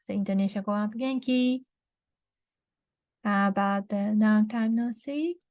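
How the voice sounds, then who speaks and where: A young woman with a Japanese accent teaching a beginner language lesson, saying words slowly and clearly for repetition, with frequent restarts. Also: mid-range voice, a little mellow, no echo, muffled recording. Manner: slow, careful model pronunciations with many restarts.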